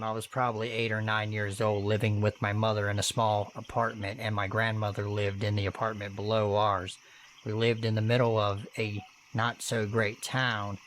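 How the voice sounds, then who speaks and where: A man narrating true horror stories in first person, with steady, earnest delivery and casual swearing. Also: on the low side, a little hiss or hum.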